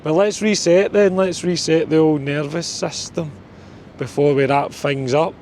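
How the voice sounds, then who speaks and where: A man's voice: fairly high pitch, fairly even intonation, measured pace, darkish tone, a little hiss or hum. A man, a life coach chatting casually on an outdoor walk, swearing mildly now and then. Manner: chatty, mild swearing, talks to his dog. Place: outdoors on a walk near a street.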